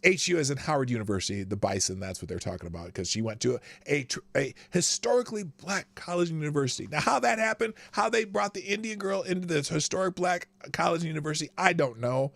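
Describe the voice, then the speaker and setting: A man's voice: a little high, animated, fast talker, creaky, few pauses, fairly bright tone, no room sound. A man hosting a political commentary show, sarcastic and given to laughing asides. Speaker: host.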